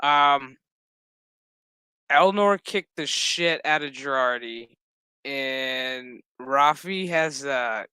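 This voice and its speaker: A man's voice: medium pitch, drawn-out words, bright, forceful tone, clean tone, no room sound. A man giving a loose, profane, rambling recap of a TV episode, full of fillers. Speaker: TV episode reviewer.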